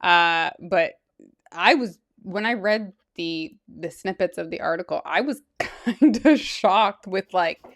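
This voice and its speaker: Female co-host, relaxed giggly banter, plenty of "like" and "yeah". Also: fairly low pitch, slow pace. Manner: laughs often, lots of filler words. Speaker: podcast co-host. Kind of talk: casual chat.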